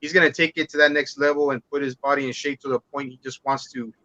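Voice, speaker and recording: Male podcast guest, bright and forceful, rambling casual speech, dull dry audio. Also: medium pitch, steady tone, fast, no room sound. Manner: rambling, restarts and fillers, casual swearing. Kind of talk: casual movie talk.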